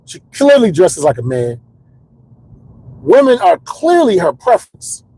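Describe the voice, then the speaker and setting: A man's voice: high-pitched, huge pitch swings, a little slow, dark tone, breathy edge, rough recording. A stand-up comedian telling candid, rambling comedic stories in casual chat, repeating words as he builds the jokes.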